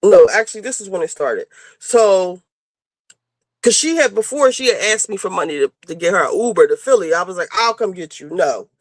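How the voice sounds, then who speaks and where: A woman's voice: medium pitch, lively intonation, moderate pace, no echo. A woman co-hosting a chat show, telling a rambling story casually with lots of fillers and swearing, on a clip-on microphone. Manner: rambling, profane, full of fillers. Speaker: podcast co-host. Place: moving around indoors, then heading out.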